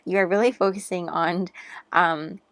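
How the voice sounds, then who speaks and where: A woman's voice: on the low side, fairly even intonation, normal speed, fairly bright tone, dry recording. A woman giving a casual, chatty tarot reading, earnest and encouraging, with lots of fillers. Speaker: tarot reader.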